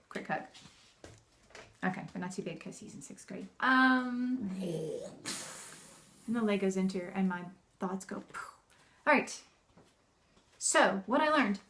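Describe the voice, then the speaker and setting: Chatting casually to the camera, a homeschooling mom is lively and quick to laugh, putting on the bossy and cheerful voices she uses with her kids. Her pitch is medium and she talks slowly with long pauses, over slight background noise.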